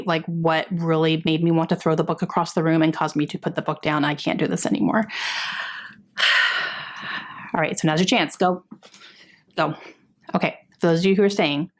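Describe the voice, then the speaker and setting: Young woman rambling about books on her channel, sighs a lot, blah blah vibes. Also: fairly low pitch. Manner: chatty, exasperated, lots of sighs and fillers. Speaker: book vlogger. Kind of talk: casual book review chat.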